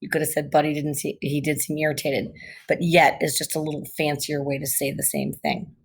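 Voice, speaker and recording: This is a woman teaching a recorded grammar lesson. Her voice sits low and has a breathy, husky edge. She explains step by step and reads example sentences aloud at an unhurried pace.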